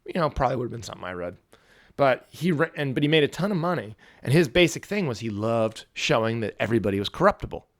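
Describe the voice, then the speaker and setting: A man's voice: medium pitch, big pitch swings, quick pace. A man hosting a podcast, talking casually and profanely about a book, with frequent restarts. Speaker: podcast host.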